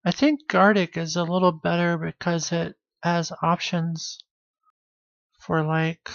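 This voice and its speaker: A man's voice: a little high, level tone, slow, vocal fry, fairly bright tone, no room sound, muffled recording. A man hosting his own live stream in a casual, rambling way, trailing off into half-finished sentences. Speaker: livestreamer.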